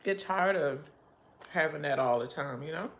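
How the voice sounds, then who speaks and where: A middle-aged woman with a low voice hosts a casual livestream at a moderate pace. She rambles as she chats and laughs often.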